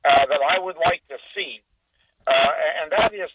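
A man calling in as a talk show guest, speaking haltingly with many fillers. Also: a little high, heavy background noise. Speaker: phone-in guest. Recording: tinny phone line.

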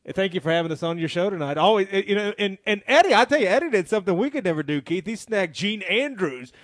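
A man bantering as a radio co-host, jokey and full of enthusiasm. His voice is notably high for a man. The sound is dry and close to the mic. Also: animated, quick pace, no room sound. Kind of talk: casual radio chat. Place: radio studio.

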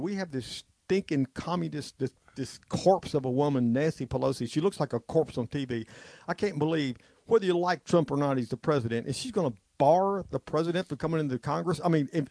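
A man's voice: a little high, darkish tone, dry recording. A man hosting a talk show, ranting in an agitated, rambling way and repeating himself. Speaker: radio talk show host.

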